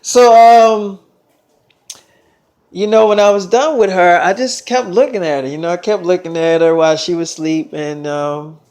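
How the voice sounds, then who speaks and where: Rambling, profane young man with a high voice. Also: steady tone, moderate pace, darkish tone. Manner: rambling, profane, with repeated fillers. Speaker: vlogger. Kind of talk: casual storytelling monologue.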